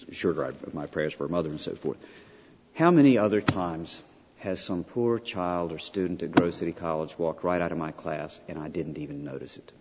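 A man lecturing as a college professor, emphatic and often checking in with his listeners with a quick "right?". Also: rumbling low, darkish tone, slight background noise. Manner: emphatic, peppered with "right?" asides. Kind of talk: classroom lecture. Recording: dull lo-fi sound with long hall reverb.

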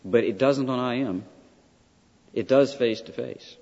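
A man lecturing as a college professor, emphatic and often checking in with his listeners with a quick "right?". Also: medium pitch, a little mellow. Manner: emphatic, peppered with "right?" asides. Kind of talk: classroom lecture. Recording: dull lo-fi sound with long hall reverb.

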